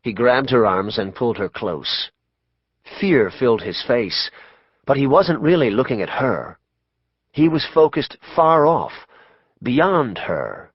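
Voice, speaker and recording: A man reading an audiobook in a measured, dramatic narration. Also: mid-range voice, very animated, breathy edge, no room sound, lo-fi sound. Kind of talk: scripted narration.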